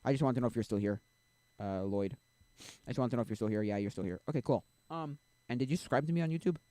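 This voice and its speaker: Chatting casually on a live stream, a young man wanders off topic and keeps losing his thread. He talks fast in an ordinary middle pitch with a dark tone. The audio is close and dry, with no echo.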